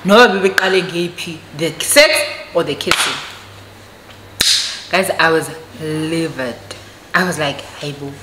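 A South African woman telling a story on her vlog, animated and switching between Xhosa and English. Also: low voice, measured pace, long pauses, background noise. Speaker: vlogger. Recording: echoey room recording.

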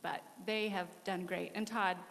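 A woman in her forties giving a candid, animated missionary testimony during a church interview. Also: mid-range voice, unhurried, gravelly. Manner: candid, animated storytelling with laughs. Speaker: missionary guest. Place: church worship center. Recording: echoey church hall.

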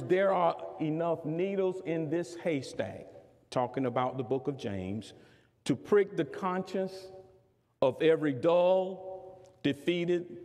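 A man preaching a sermon as bishop, measured and deliberate, rising to forceful emphasis on key words. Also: mid-range voice, in a large hall. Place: church sanctuary.

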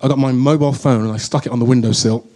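A man telling a candid, emotional story as a guest at a live on-stage Q&A, full of halting restarts. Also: mid-range voice, steady tone, mellow. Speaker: guest actor. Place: stage in front of an audience.

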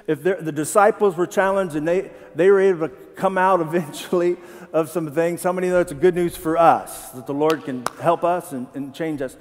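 Man, pastor, sermon, high voice, conversational, questions to the congregation, long church reverb. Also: fairly even intonation, moderate pace. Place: church sanctuary.

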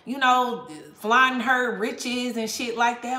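A woman's voice: fairly high pitch, little pitch movement, takes it slowly, bright, forceful tone, reverberant. Profane, laughing woman tarot reader. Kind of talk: casual tarot reading livestream rant.

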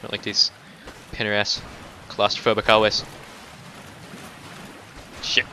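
A man doing casual let's-play commentary, cursing and taunting enemies, dropping to mutters and then breaking into loud outbursts. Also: on the low side, completely flat delivery, slow pace, a little hiss or hum. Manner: profane, talks back to enemies, swings between mutters and outbursts. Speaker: gameplay commentator.

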